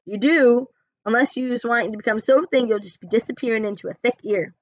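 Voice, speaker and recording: A woman's voice: a little high, fairly quick, no room sound, lo-fi sound, lightly acted. A woman voicing a huge, kindly, very old male giant who mangles his grammar and invents words. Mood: animated.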